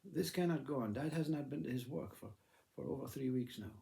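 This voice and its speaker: A man's voice: medium pitch, brisk, creaky, mellow, natural voice. A man voicing worried grown-up children who plead with their mother to get help.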